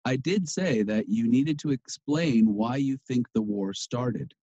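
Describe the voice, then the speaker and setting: A polite but firm male teacher, read by an actor in a textbook listening dialogue. His voice is mellow and warm. The recording sounds slightly dull, like an audio-track clip. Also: medium pitch, unhurried, natural voice. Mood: calm.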